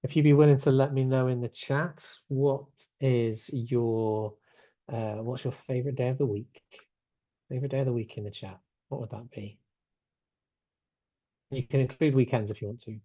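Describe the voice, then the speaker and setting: A man's voice: medium pitch, fairly even intonation, normal speed, long pauses, dark tone, no room sound, highs cut off. A man hosting an online webinar in casual chat, reading out chat replies with plenty of fillers. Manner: chatty, reads out chat replies, many fillers. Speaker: webinar host. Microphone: video call.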